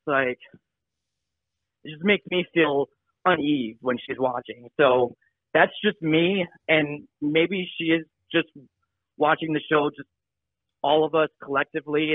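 A man talking casually over a phone call, halting and restarting as he explains and apologizes. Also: a little high, no echo. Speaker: show regular. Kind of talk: casual chat. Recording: tinny phone line.

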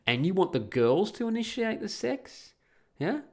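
A man's voice: high voice, big pitch swings, measured pace. An Australian man hosting a podcast from home, telling a story in a blunt, crude and rambling way with lots of restarts. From Perth, Australia. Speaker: podcast host. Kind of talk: casual storytelling monologue.

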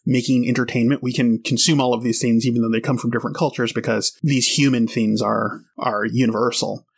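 A man in a relaxed podcast conversation, talking loosely with frequent fillers and false starts. His pitch sits in the middle range for a man. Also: brisk, vocal fry, slightly rough. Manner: rambling, many fillers and restarts. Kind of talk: casual podcast discussion.

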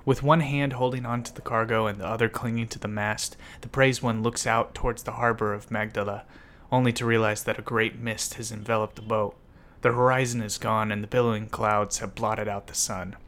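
A man's voice: lowish voice, little pitch movement, fairly quick, fairly bright tone. A man giving scripted, vivid dramatic narration as a storyteller.

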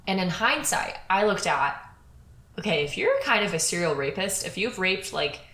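A woman's voice: on the low side, sing-song, moderate pace, a bit bright. A young woman co-hosting a podcast, telling a personal story in a candid, chatty way with plenty of "like". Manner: candid, chatty, filler-heavy. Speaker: podcast co-host. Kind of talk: casual storytelling chat. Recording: roomy echo.

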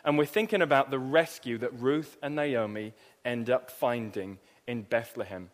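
A man preaching a sermon, retelling the story with lively emphasis and repeated points. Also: mid-range voice, moderate pace. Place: church hall. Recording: long hall reverb.

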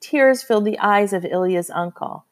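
A woman narrating a historical story in the first person, expressive and measured. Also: medium pitch. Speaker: audiobook narrator.

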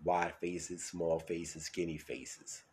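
A man with a New York accent hosting his own solo podcast, talking loud and hyped, then dropping to a mutter. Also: low-pitched, steady tone, takes it slowly. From New York City. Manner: loud, hyped, swings between shouting and mumbling. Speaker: podcast host.

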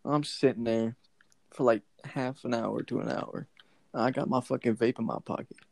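A man's voice: mid-range voice, fairly even intonation, moderate pace, creaky, a little mellow, no echo. A teenage guy, telling a long story in loose podcast chat, packed with swearing and bursts of laughter. His voice sits in the middle range and sounds dry, as if recorded close to the mic. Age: teens. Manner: rambling storyteller, heavy swearing, laughs often. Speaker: podcast co-host. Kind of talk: casual chat.

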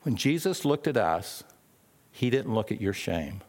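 A man's voice: fairly low pitch, very animated, a little slow. A man preaching a sermon in a conversational way, with many restarts and questions to the listeners. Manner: acts out the brothers' lines in a raised, sharp voice.

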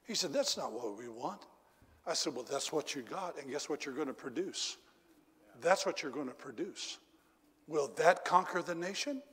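A middle-aged male preacher telling a story in a sermon, swinging from loud exclamations down to low confiding tones. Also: expressive, normal speed, breathy edge. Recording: echoey hall reverb.

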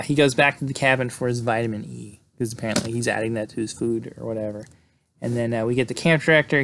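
A man casually recapping a horror movie's plot, rambling with lots of fillers and acting out the characters' lines. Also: mid-range voice. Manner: rambling, many fillers, acts out quotes. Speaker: movie reviewer.

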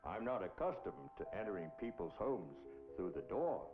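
A man's voice: fairly low pitch, big pitch swings, normal speed, music in the background. An older actor playing a jolly, hearty Santa Claus who chuckles in a grandfatherly way, heard from a dull old film soundtrack. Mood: jovial.

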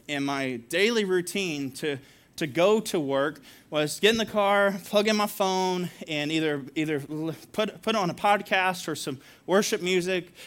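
Guy pastor, kinda high voice, chatty sermon w laughs and asides to the crowd. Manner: storytelling, laughing, animated asides to congregation.

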